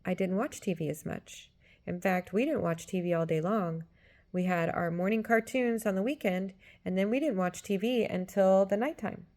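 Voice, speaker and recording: A woman's voice: normal speed, darkish tone. Gen x woman preaching, emphatic, jumps way up when she quotes people. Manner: emphatic, acts out voices with big pitch jumps. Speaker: Christian teacher. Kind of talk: teaching sermon.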